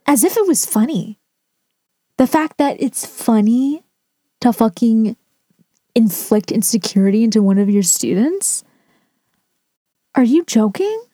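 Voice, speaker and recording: A woman's voice: fairly high pitch, animated, unhurried, pauses often, mellow, dry recording, clean studio sound. A woman rating and reacting to stories in casual commentary, blunt and sarcastic with frequent swearing. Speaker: storytime reactor.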